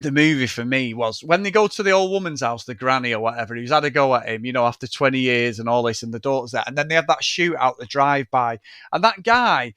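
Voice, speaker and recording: A man's voice: medium pitch, fast talker, smooth, dry recording, studio quality. A man co-hosting a podcast, chatting casually about a film, swearing freely and acting out scenes as he goes. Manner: sweary, animated, acts out scenes. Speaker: podcast co-host. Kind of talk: casual film review chat.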